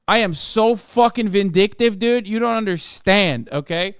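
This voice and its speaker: A man in his thirties giving casual, profane reaction commentary as a streamer, animated and swearing, building into loud excited rants. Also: high voice, moderate pace, few pauses, clean tone, no echo, studio quality.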